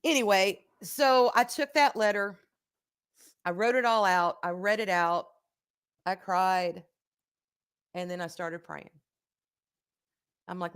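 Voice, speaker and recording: Responding to viewer comments on her casual livestream, a middle-aged woman speaks a little slowly with frequent pauses. Her mid-range voice is fairly bright, clear, and resonant. Frank and emotional, she swears freely and says "y'all."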